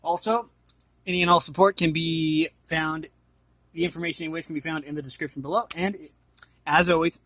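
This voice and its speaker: A man's voice: a little high, steady tone, fairly quick, bright, forceful tone, no room sound, poor audio. An American man vlogging in a rambling, casual way with many fillers. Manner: rambling, lots of fillers and restarts.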